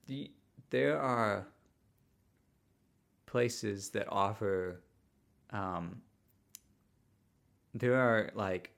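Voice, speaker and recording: Squeaky-laughing Arkansas podcast host. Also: female voice, very slow, creaky, long pauses. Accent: Northwest Arkansas. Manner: laughs with little squeaks, trails off softly. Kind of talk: casual podcast chat.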